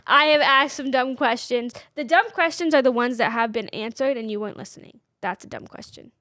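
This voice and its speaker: A woman's voice: high voice, brisk, a bit bright, no room sound, studio quality. A woman in her twenties co-hosting a podcast, talking openly and personally with many "like" fillers. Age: 20s. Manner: candid, personal, constant "like" fillers. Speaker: podcast co-host. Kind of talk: casual chat.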